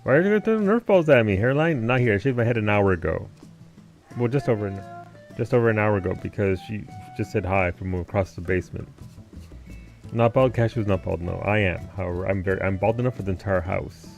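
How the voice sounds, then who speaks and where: A man's voice: lowish voice, steady tone, a little fast, creaky, soft background music. A man live-streaming who chats casually with his viewers, laid-back, greeting people by name and swearing now and then. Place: home basement.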